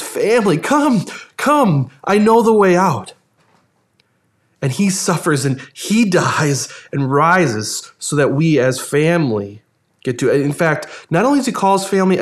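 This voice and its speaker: A man preaching a sermon, earnest and expressive, with quick asides and soft dramatic drops. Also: fairly high pitch. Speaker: pastor.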